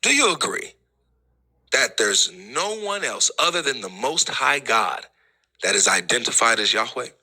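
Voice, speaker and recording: A man arguing in a heated online debate, quick to interrupt and brushing off his opponent. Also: medium pitch, big pitch swings, bright, forceful tone, husky, rough recording. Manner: quick to interrupt, laughing dismissively. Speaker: debate host.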